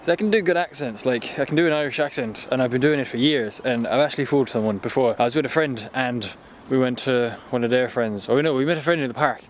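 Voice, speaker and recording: A man's voice: medium pitch, fast, hardly any pauses, noisy background. An English man casually reviewing a camera lens in a rambling, jokey, sweary vlog chat.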